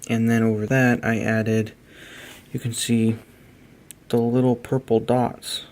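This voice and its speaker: Tired, flat-voiced man rambling. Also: mid-range voice. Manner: halting and rambling, trails off mid-thought. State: tired, yawning. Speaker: hobby painting vlogger. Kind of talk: casual hobby vlog narration.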